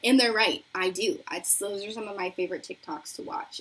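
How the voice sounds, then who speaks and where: Young woman chatting on a makeup livestream, bit husky, bubbly. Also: mid-range voice, quick pace, hardly any pauses, fairly bright tone, poor audio. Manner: chatty and bubbly, reading chat aloud. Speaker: beauty livestream host. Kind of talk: casual livestream chat while doing makeup.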